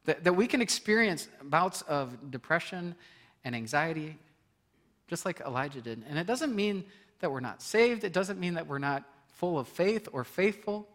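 Bright-voiced male pastor preaching conversationally. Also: a little high, animated, normal speed. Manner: conversational, laughs often, swings from loud to soft. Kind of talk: sermon.

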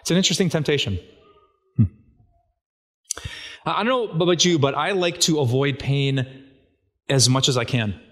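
A man's voice: on the high side, expressive, moderate pace, pauses often, a bit bright. A man preaching a sermon as a pastor, talking in a casual, conversational way and asking his listeners rhetorical questions.

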